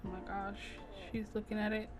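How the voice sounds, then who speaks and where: A woman's voice: mid-range voice, little pitch movement, brisk. A woman narrating her game playthrough in chatty, slangy commentary, talking straight to her viewers. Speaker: gameplay narrator. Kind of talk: let's play commentary. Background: game music.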